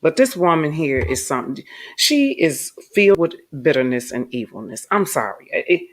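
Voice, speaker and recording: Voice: mid-range voice, big pitch swings, normal speed. A host doing late-night live-stream commentary, chatty and emphatic, greeting viewers and swearing when heated. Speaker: online commentator and channel host.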